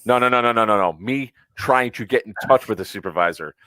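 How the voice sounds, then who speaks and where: A man co-hosting a casual podcast who talks in an animated way and laughs often. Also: fairly low pitch, a little fast, no echo. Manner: animated, laughs often, firm and scolding on a complaint call. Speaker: podcast co-host. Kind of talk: casual chat.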